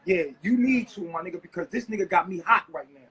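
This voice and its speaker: A man in a heated, profane livestream rant, accusing his wife and often shouting. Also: high-pitched, fast talker.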